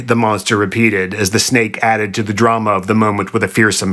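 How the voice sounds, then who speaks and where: A man narrating a comic story in a dry, deadpan manner. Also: on the low side, a little fast, few pauses.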